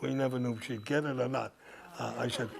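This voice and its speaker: A man's voice: mid-range voice, fairly even intonation, quick pace, creaky. An older man, a guest speaker, telling a rambling anecdote to a live audience in a cinema, laughing as he talks. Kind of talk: storytelling at a live audience event. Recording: audience crowd noise.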